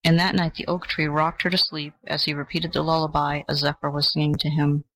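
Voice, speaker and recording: A measured, gentle voice reads an old fairy tale aloud. The sound is dry and close, with no room around it. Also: medium pitch, little pitch movement, no echo, low-quality recording. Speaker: audiobook narrator. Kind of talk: scripted storybook narration.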